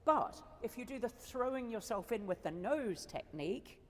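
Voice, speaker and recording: Speaking at a moderate pace, this woman has a slightly high, expressive voice that fills a large space, a school hall. She's an organist and adjudicator chatting enthusiastically to the audience once the competition ends, laughing and dropping asides along the way.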